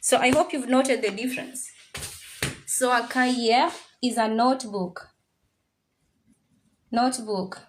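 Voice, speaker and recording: A woman teaching a French class, drilling words slowly and repeating them, now and then mixing in Swahili phrases. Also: a little high, a little hiss or hum. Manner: slow, repetitive drilling of words. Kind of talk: classroom language lesson.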